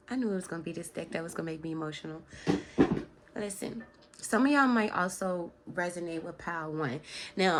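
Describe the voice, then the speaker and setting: Chatty lady in her 30s doing a tarot reading, low-ish voice, calls everyone baby. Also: fairly bright tone. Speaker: tarot card reader. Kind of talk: casual pick-a-card tarot reading.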